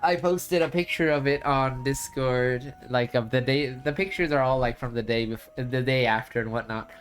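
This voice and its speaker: A man streamer chatting casually with his viewers, telling a long story in a rambling, animated way full of restarts. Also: mid-range voice, moderate pace, a little hiss or hum.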